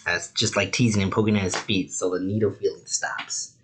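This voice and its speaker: A man's voice: sits low, fairly even intonation, fairly quick, a bit bright. A man casually reviewing anime episodes, rambling with lots of "like" and "you know".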